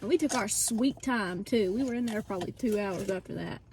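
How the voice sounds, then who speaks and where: A woman's voice: medium pitch, brisk, background noise. A woman, telling an indignant story in a casual vlog. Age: 20s. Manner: indignant, retelling with quoted dialogue. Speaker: vlog host.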